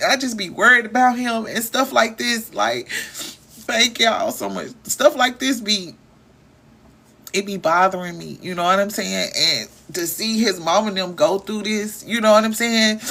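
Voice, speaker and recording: Bright husky woman chatting live. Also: medium pitch. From Arkansas. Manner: chatty, emotional, talks straight to her viewers. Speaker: livestream host. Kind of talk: casual livestream chat.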